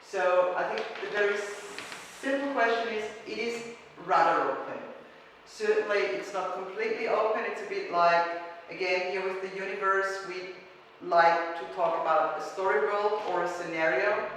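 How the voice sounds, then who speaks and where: A woman's voice: medium pitch, moderate pace, fairly bright tone. Woman, presenter, hesitant and searching for words, distant mic, roomy echo, background noise. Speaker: presenter at a workshop. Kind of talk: conference presentation and Q&A. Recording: echoey hall from far off with noise.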